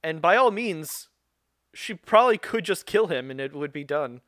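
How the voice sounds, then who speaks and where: A man's voice: on the high side, lively intonation, moderate pace, a bit bright, dry recording. Chatty man recapping with a dry close mic. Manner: rambling, self-interrupting, laughs often. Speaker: podcast co-host recapping a show. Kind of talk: casual chat.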